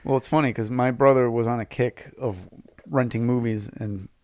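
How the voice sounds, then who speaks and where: In a clean, dry studio recording, a man with a medium-pitched, fairly even, slightly mellow voice talks at a moderate pace. He co-hosts a podcast, chatting casually, laughing a lot, and swearing freely.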